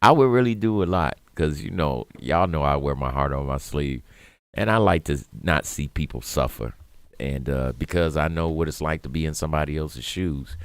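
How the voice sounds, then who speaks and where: Detroit radio co-host, low voice, dry close mic, animated slangy rant. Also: male voice, moderate pace, smooth, no room sound. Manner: animated, rising to loud emphatic rants; streetwise slang, laughs through hard talk. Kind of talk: casual talk radio monologue.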